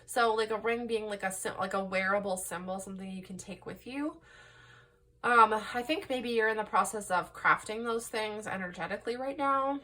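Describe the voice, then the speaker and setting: A young woman doing a casual pick-a-card tarot reading, rambling and excitable with many "like"s and "um"s. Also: mid-range voice, normal speed. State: laugh-crying. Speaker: tarot reader.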